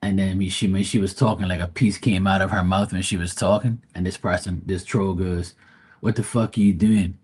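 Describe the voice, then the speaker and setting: A man's voice: low-pitched, level tone, a little fast, few pauses, breathy edge. A man hosting a tarot livestream, rambling in casual, profane chat with his viewers. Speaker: tarot reader livestream host.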